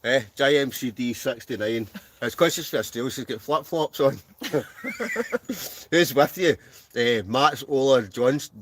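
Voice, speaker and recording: Jokey Scottish host in a tent. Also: male voice, mid-range voice, a bit bright, dry recording. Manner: jokey, laughs often, reads names aloud. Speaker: wild camping channel host. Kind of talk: casual live-stream chat reading out comments. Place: inside a heated camping tent.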